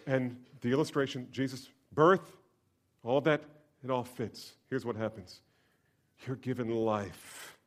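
A man preaching a sermon to his congregation, swinging between loud emphatic bursts and hushed near-whispers and leading them in call-and-response. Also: mid-range voice, fairly even intonation, measured pace. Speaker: pastor. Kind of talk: expository sermon.

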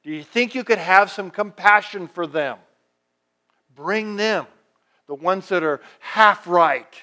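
Man, fairly high voice, pastor giving an animated sermon with many restarts. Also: slow. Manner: animated preaching, acts out quoted speech, frequent restarts.

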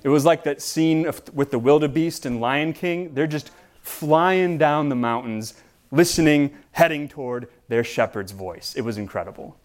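A man with a slightly high voice preaches a sermon as pastor at a moderate pace. His style is relaxed and conversational, full of restarts and repeated words.

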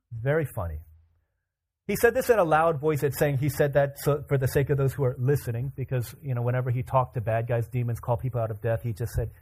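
A man preaching a sermon, animated, acting out the voices in the scripture with casual asides. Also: mid-range voice, a little fast, breathy edge.

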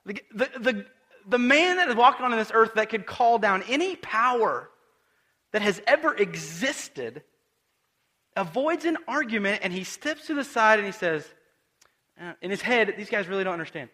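A male pastor delivers a conversational sermon in a high, bright voice. His pitch swings widely as he tells the story in an animated way and turns to ask his listeners questions. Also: moderate pace. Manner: animated storytelling with acted quotes and direct questions to the audience.

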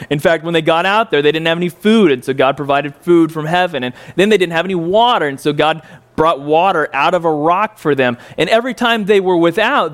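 Swinging from incredulity to quiet reflection, a man teaches a Bible story in a casual, talky style packed with fillers and rhetorical questions.

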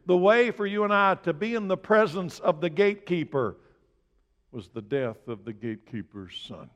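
A man with a fairly high voice preaches to his church, firing questions at the congregation and swelling into forceful, emphatic calls. His words ring out with the long echo of a big sanctuary. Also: lively intonation, moderate pace, muffled recording. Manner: preaching with rising emphatic bursts and direct questions. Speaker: pastor. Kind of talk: sermon. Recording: long reverb of a large hall.

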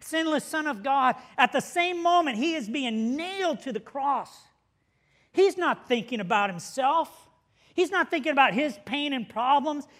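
High, bright-voiced pastor preaching. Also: male voice. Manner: storytelling with laughs and shouted quotes. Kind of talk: sermon.

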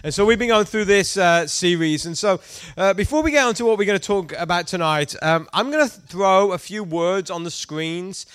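A man's voice: high-pitched, lively intonation, normal speed, a bit bright, clear, resonant tone, no room sound, studio quality. A middle-aged man with a British accent preaching to a youth gathering, playfully teasing the audience and prompting them to call out answers. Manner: interactive, prompting the crowd to answer. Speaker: youth pastor.

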